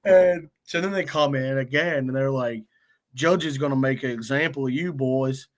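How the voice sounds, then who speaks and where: A man's voice: on the high side, moderate pace, fairly bright tone. A young man telling a rambling, profane story in casual chat, full of "like" and "dude". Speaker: guest.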